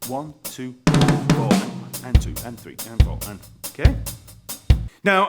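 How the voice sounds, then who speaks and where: Lively male bass teacher counting beats. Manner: explains step by step, counting beats aloud. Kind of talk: online music lesson.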